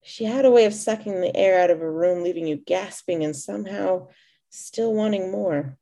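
A woman author reads her own first-person story aloud, measured and expressive. Her tone is mellow and warm, never bright. Her voice sits in a middle pitch. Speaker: author and poet, guest.

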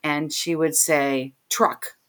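A woman's voice: deep voice, normal speed, fairly bright tone. A middle-aged woman telling a personal story in an interview, emotional, acting out the voices of the people in it. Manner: emotional, retells scenes by voicing the people in them. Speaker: interview guest.

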